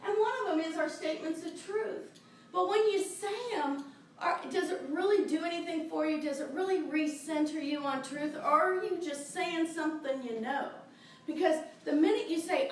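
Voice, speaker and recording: A woman's voice: extremely high pitch, a little hiss or hum. A middle-aged woman minister giving a chatty, enthusiastic sermon, laughing often, recorded from a distance in a church sanctuary. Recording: very echoey, distant mic in a church.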